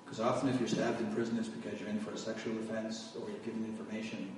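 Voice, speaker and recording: A man's voice: fairly low pitch, level tone, quick pace, darkish tone, a little hiss or hum. Man, testimony sermon, storytelling preacher, heard from afar, long hall reverb, faint ambience. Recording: echoey hall from far off.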